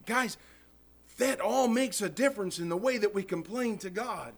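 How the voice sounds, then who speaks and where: A man's voice: high-pitched, moderate pace, gravelly. A man preaching a sermon in church, impassioned, acting out prayers and calling the congregation "guys.".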